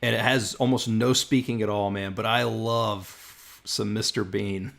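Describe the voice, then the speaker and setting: A man's voice: on the low side, steady tone, unhurried, vocal fry, a bit bright. An American man hosting a live-stream chat, talking loosely and filling his sentences with "like". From United States. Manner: loose, rambling, peppered with "like". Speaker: host. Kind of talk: casual conversation on a live stream.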